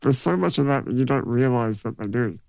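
A man's voice: mid-range voice, animated, a little fast, creaky, darkish tone, dry recording. A laid-back man, co-hosting a casual movie chat and laughing often. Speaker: podcast co-host.

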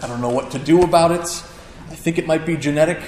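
Pastor telling a story in an echoing hall. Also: male voice, a little high, fast talker, darkish tone, a little hiss or hum. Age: adult with a child. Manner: conversational storytelling with self-deprecating humor. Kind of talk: sermon. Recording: echoey hall with long reverb.

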